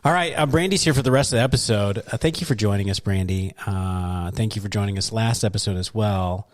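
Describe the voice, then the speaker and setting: A man co-hosting a podcast in casual chat, playful and quick to laugh, reading out news items. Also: lowish voice. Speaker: podcast co-host.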